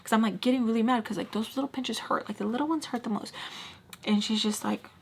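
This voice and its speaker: A young adult woman telling a story to camera in a slangy, animated way, full of fillers and quick asides. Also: on the high side, creaky, a little hiss or hum. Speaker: storytime vlogger. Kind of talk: casual storytime chat.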